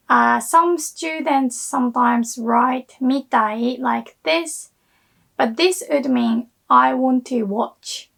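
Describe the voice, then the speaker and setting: A woman teaching grammar in English, slowly repeating example phrases, her voice hoarse from illness. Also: sits high, a bit bright. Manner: slow, careful repetition of example phrases. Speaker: Japanese language teacher. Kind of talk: language lesson explanation.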